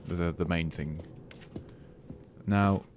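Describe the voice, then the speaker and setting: A man's voice: sits low, fairly even intonation, takes it slowly, darkish tone, slight background noise. A man playing a video game, chatting casually and jokily and talking to objects in the game. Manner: playful, jokey, talks to objects in the game. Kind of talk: casual let's-play commentary.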